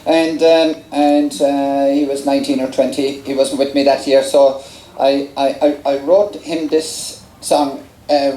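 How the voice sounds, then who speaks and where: A man's voice: mid-range voice, little pitch movement, a little slow, mellow, echoey room, a little hiss or hum, rough recording. A middle-aged Irish man talking onstage at a festival, chatty and laughing along at his own family stories between songs. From Ireland. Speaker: folk singer and storyteller. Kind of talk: onstage storytelling with song. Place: outdoor festival stage.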